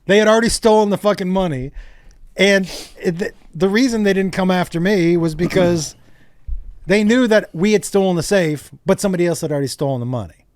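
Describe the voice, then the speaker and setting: A comedian guest on a podcast, telling profane stories in lively, casual chat. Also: male voice, high voice, a little fast, no echo, studio quality.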